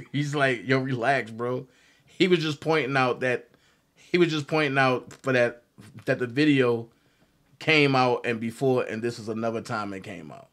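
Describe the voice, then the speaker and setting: A man's voice: mid-range voice, moderate pace. A man hosting a live stream, chatting casually and easygoing with his viewers. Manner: relaxed, easygoing, talks to his audience. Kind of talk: casual chat.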